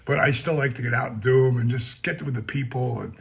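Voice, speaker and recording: Gravelly, husky, boisterous man. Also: medium pitch, steady tone, fast talker. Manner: boisterous, shouts catchphrases, laughs often. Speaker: former pro wrestler and fitness company founder. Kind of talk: personalized greeting video message.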